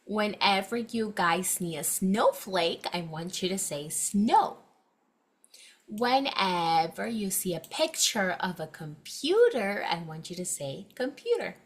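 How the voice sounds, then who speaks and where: A young woman teacher reading a picture book aloud to children and leading a phonics lesson, with exaggerated, expressive delivery. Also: mid-range voice. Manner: animated, exaggerated expression with gasps, slow clear delivery.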